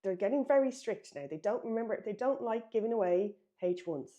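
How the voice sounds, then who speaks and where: A woman's voice: a little high, lively intonation, brisk, dark tone, lo-fi sound. A woman from Ireland teaching a biology exam revision lesson, emphatic and correcting herself as she writes. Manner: instructive, emphatic, self-correcting while writing.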